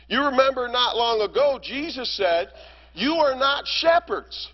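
A man teaching a Bible study lesson as a deacon, earnest and emphatic, asking rhetorical questions. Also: very high-pitched. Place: church hall. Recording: reverberant lo-fi church hall recording.

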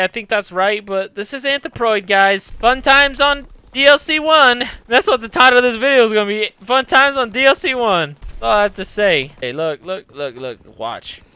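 Young male streamer, high bright voice, loud profane jokey commentary, hoarse edge, faint background noise. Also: dry recording. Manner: loud, profane, jumpy, joking. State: voice going hoarse from yelling. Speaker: gaming streamer. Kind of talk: casual gameplay commentary.

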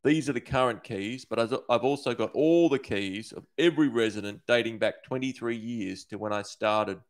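A man voicing a calm, obsessive middle-aged male kidnapper who speaks flatly and matter-of-factly. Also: mid-range voice, moderate pace, close to an everyday voice. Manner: flat, matter-of-fact.

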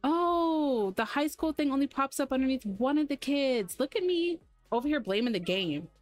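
A woman's voice: high-pitched, lively intonation, normal speed, dry recording, soft background music. A woman hosting a gaming channel, giving chatty, sarcastic, easily exasperated commentary while she plays. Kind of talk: casual gameplay commentary.

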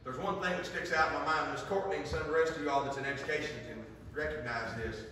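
A man preaches with a bright, somewhat high voice. He swings between impassioned storytelling and hushed appeals. The sound comes from a distant mic in an echoey church hall. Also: fast talker, slight background noise. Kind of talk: sermon with altar call. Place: church sanctuary.

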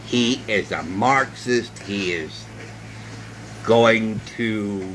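A man rants to his camera, repeating himself with indignation. His voice sits low but sounds bright and forceful, and he draws his words out slowly. Faint air-conditioner hum hums behind him. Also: rough recording. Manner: indignant, repetitive, drawn-out phrasing. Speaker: vlogger. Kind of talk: ranting monologue.

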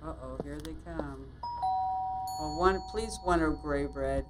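A woman playing a bakery shop game, muttering to herself as she works, with quick exclamations and mild swearing. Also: deep voice, over loud music, rough recording. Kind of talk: casual let's-play commentary.

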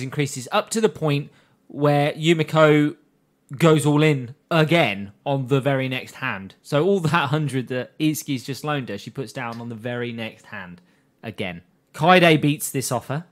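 A man co-hosting a casual podcast, recapping episodes and laughing often. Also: mid-range voice. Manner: laughs often, recaps scenes with quoted lines. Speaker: podcast co-host recapping an anime.

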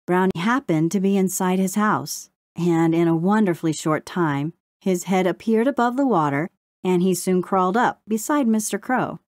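A woman narrating a children's audiobook in a slow, measured, gentle storytelling manner. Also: fairly low pitch, no echo, clean studio sound.

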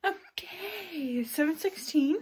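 A woman's voice: very high voice, expressive, takes it slowly, darkish tone, slight background noise, poor audio. A young adult woman chatting casually in her daily vlog, giggly and rambling with lots of fillers, filming herself from her car and then at home. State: out of breath. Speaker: vlogger.

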